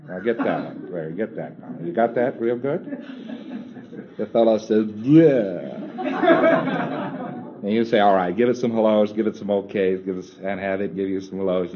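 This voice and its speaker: A man giving a recorded lecture in a conversational, wry way, acting out little exchanges and chuckling as he goes. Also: fairly low pitch. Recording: dull lo-fi old tape with faint hiss.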